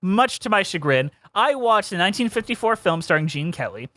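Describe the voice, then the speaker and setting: Woman podcast co-host, opinionated and lively, dry recording. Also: mid-range voice, no room sound. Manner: animated, opinionated, quick asides and laughs. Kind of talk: casual chat.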